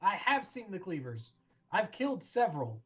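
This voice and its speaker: A player in a casual tabletop game, explaining things in a halting way with restarts. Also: medium pitch, big pitch swings, a bit bright.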